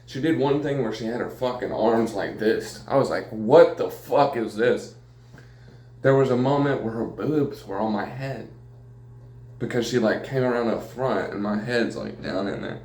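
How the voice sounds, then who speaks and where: A podcast host with a medium-pitched, darkish male voice rambles casually and profanely on his solo show, joking and laughing a lot. He speaks at normal speed, recorded in an echoey room.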